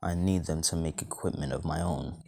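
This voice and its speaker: A man's voice: extremely low pitch, normal speed, a little mellow. A man voicing a cocky young male hero in a fan story, talking bluntly and swearing. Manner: brash, swearing.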